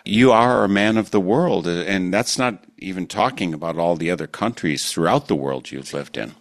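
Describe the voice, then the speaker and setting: A man hosting a radio interview show reads a scripted introduction, then asks measured, thoughtful questions. His voice sits low with lively intonation, and the recording is studio quality with no echo.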